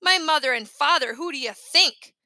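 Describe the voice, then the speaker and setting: A woman voicing a blunt, scornful schoolboy in a storybook reading, with a flat, dismissive delivery. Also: sits high, moderate pace, no echo, full character voice.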